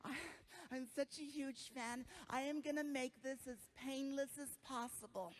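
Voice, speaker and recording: A man's voice: extremely high pitch, fairly even intonation, a little slow, a little hiss or hum. A man doing a sweet, eager female nurse. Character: friendly chatty young female nurse, a fan.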